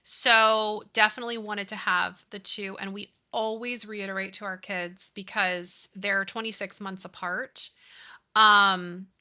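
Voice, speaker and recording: A woman's voice: medium pitch, flat delivery, a little slow, pushed and bright. Bubbly chatty woman streamer. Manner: chatty, gushing, reads chat aloud. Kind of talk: casual live-stream chat.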